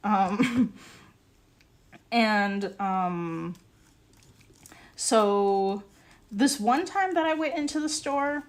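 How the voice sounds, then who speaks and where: A young woman streaming while she works on ceramics, telling a story in animated casual chat with many "like"s and bursts of laughter, sounding exasperated and incredulous. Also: mid-range voice, extremely slow, pauses often.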